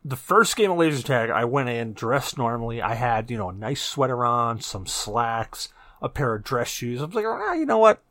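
A middle-aged man co-hosting a podcast, telling animated and profane stories in casual chat. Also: medium pitch, moderate pace, no echo, clean studio sound. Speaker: podcast co-host.

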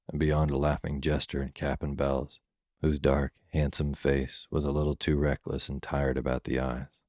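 A man reads a classic holiday tale for listeners drifting off to sleep. His voice is extremely deep and flat. The sound is close and dry, with no room around it. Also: no room sound. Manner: calm, soothing, unhurried. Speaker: storyteller. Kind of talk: slow bedtime story reading.

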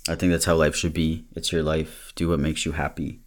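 Speaking fairly quickly in a level tone, a young man with a very deep voice gives a sincere, unpolished pep talk straight to his audience, podcast-host style. He's a bit breathless, often starts his sentences over, and curses casually.

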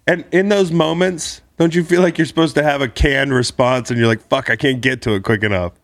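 A man co-hosting a podcast in casual chat, mostly chiming in with short reactions and quick questions. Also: mid-range voice.

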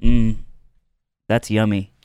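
A man's voice: on the low side, flat delivery, takes it slowly, warm tone, clean tone, no room sound. A man co-hosting a podcast in casual chat, with mocking, exaggerated teasing. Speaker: podcast co-host.

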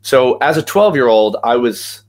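A man's voice: mid-range voice, lively intonation, measured pace. A young man, an actor and singer, telling stories as a guest in a casual interview, chatty and full of energy, with lots of fillers.

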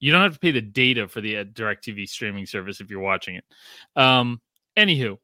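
Bright-voiced man rambling on a podcast. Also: lowish voice, animated, fairly quick, no room sound, clean studio sound. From Australia. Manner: rambling with many fillers and restarts. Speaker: podcast host. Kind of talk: casual chat.

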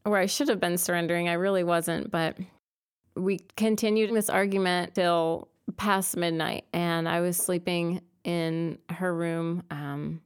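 A woman's voice: fairly low pitch, steady tone, unhurried, smooth. A young woman telling an emotional personal faith story as an interview guest. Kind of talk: testimony interview.

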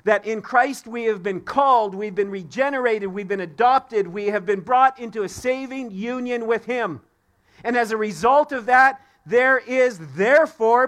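High-pitched man preaching an emphatic sermon. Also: a little slow, fairly bright tone. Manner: emphatic, repeats key words for stress. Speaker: pastor. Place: church sanctuary.

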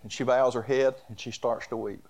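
A man's voice: mid-range voice, fairly even intonation, brisk, a little mellow. Folksy preacher man. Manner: folksy, builds to fervent emphatic delivery. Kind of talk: sermon storytelling.

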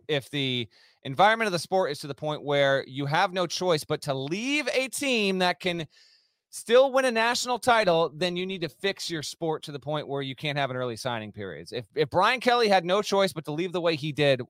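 A man from the northern United States, co-hosting a sports podcast with quick, opinionated rants. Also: a little high, sing-song, fairly bright tone, no room sound, studio quality. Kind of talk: casual sports talk.

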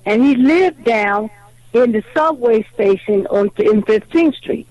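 A woman calling a talk radio show, telling her story in an animated, indignant way. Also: fairly high pitch, unhurried, dull audio. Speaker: caller.

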